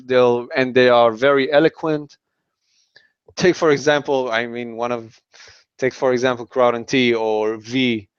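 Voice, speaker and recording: A man's voice: mid-range voice, smooth, dry recording. A man from the East, speaking English as an as an interview guest, talking hesitantly with many restarts and fillers. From Middle East. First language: not English. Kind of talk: casual interview. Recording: dull lo-fi sound.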